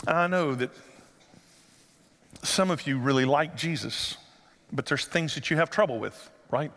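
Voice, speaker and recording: Bright-voiced preacher in a reverberant church. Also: male voice, a little high, a little slow. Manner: animated, asks the congregation rhetorical questions. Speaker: pastor. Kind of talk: sermon. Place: church sanctuary. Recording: long hall reverb.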